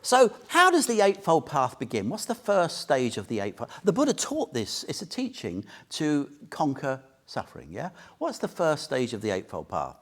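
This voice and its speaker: A man's voice: on the high side, wildly swooping pitch, normal speed, hardly any pauses, a bit bright. A man giving an informal Buddhist talk to a small group, chatty and joking, often quizzing his listeners. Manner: chatty, jokey, asks the group questions. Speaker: Buddhist teacher. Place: meditation centre room.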